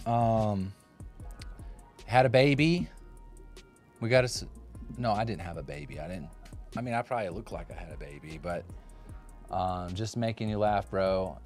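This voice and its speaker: With a slightly mellow, lowish voice at normal speed, a man in his forties livestreams his woodcarving from a home workshop on a propped-up phone. He rambles and jokes casually, answering viewers' comments, over soft background music.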